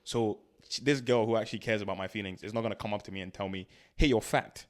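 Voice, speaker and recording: A man's voice: fairly low pitch, fast talker. A young man, a guest on an interview show, telling his story in casual chat, laughing often and acting out what people said. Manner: animated storytelling, laughs often, acts out quotes. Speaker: guest, spoken word artist.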